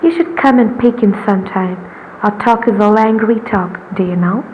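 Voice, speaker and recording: A woman's voice: medium pitch, normal speed, slight background noise, lightly acted, poor audio. A woman voicing Nomita, a defiant young wife. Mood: calm. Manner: sharp outbursts turning to calm, soft replies.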